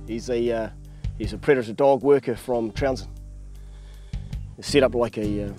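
A man's voice: medium pitch, normal speed, mellow, soft background music. A man with a New Zealand accent, a predator trapper explaining his work outdoors, plain-spoken and practical. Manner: plain-spoken, practical, calls people mate. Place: outdoors in the bush.

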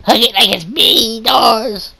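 A woman's voice: fairly high pitch, a little slow, vocal fry, pushed and bright, slightly rough. A woman co-playing a story game, crude and teasing, laughing and swearing as she talks. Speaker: co-player voicing a ghost companion. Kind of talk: profane casual gameplay chat.

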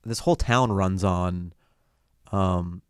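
A man's voice: deep voice, slow, clean tone, no room sound, studio quality. A man guesting on a podcast as a comedian, telling stories in a laid-back way and acting out quotes. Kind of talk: casual podcast chat.

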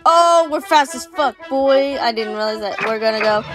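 A woman's voice: high voice, unhurried, few pauses, over loud music. A young woman casually commenting on a game she is playing, reading characters' lines aloud and swearing playfully. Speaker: game streamer.

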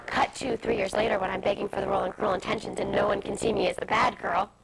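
Fast-talking gravelly young woman. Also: medium pitch. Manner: fast, animated anecdote-telling with many asides. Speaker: interview guest. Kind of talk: candid storytelling interview. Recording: noisy early-2000s TV broadcast audio.

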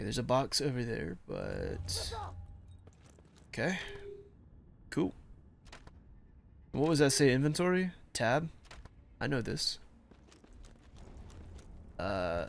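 A man's voice: medium pitch, creaky. A man streaming a war game, chatting casually with rambling, self-mocking asides and reading the game's text aloud. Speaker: gameplay streamer.

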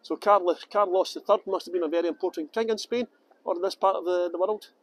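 A man's voice: high voice, steady tone, quick pace. A Scottish man working as a tour guide, chatting casually and rambling on a phone livestream outdoors in the sun. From Scotland. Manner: rambling, chatty, answers viewer questions with fillers. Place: outdoors in sunny town streets. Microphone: phone held by hand.

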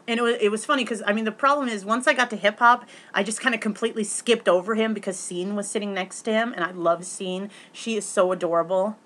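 Bright-voiced chatty woman vlogger. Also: medium pitch. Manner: chatty, excitable, many fillers and restarts. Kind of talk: rambling casual storytelling.

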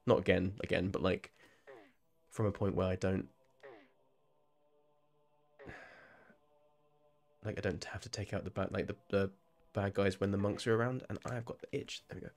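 English male streamer, young, a bit low-pitched, rambling live commentary with lots of restarts. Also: darkish tone. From England. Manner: rambling and chatty, often restarting phrases and laughing. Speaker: game streamer.

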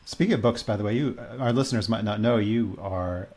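A man's voice: lowish voice, brisk, a little mellow. A man with an American accent hosting a podcast, asking questions with stammered, repeated words. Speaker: podcast host. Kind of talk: casual interview questions.

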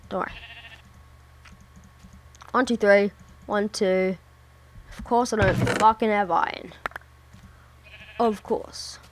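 A woman in the middle of her register drawls through her gameplay, narrating each step and swearing under her breath whenever things go wrong. The recording carries a clear layer of background noise. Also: medium pitch. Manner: mutters to herself and swears often while playing. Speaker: gameplay commentator. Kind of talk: casual let's-play commentary.

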